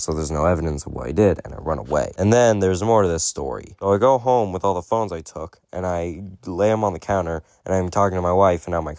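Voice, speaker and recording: Deep-voiced deadpan man telling crude comic tales. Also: no room sound, clean studio sound. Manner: deadpan, profane. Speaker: comic storyteller in a villain persona.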